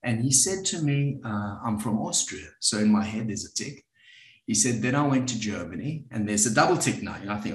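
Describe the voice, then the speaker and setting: A middle-aged man facilitating a group, telling a personal story in a reflective, halting way with many filler words. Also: on the low side, expressive. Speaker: workshop facilitator. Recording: roomy echo.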